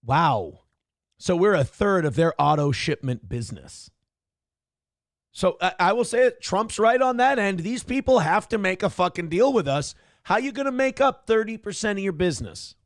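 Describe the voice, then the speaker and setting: A man hosting a morning show, giving blunt, profane, animated commentary on the news. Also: high-pitched, moderate pace, no echo, studio quality. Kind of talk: casual political commentary.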